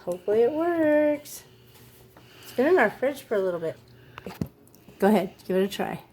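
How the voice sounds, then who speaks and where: A woman's voice: on the high side, very animated, moderate pace, background noise. A woman hosting a casual family vlog, gushing and encouraging in a motherly way. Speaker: family vlog host, parent.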